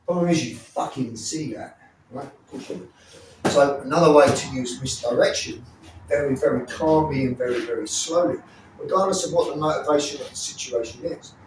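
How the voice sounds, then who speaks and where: A man's voice: mid-range voice, fairly quick, far from the mic, noisy background. A man teaching self-defense moves, blunt and profane, often checking in with the listener. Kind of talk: demonstration teaching. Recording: echoey room, off mic, faint ambience.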